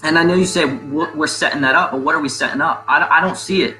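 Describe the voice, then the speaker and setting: A man's voice: fairly high pitch, fast, bright, forceful tone, echoey room, rough recording. A man hosting a casual discussion, rambling and restarting his sentences as he poses questions. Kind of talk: casual debate chat.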